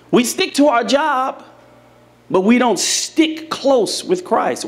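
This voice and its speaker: A man preaching a sermon to a live congregation in church, speaking to them directly and telling folksy, humorous stories. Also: sits high. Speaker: pastor.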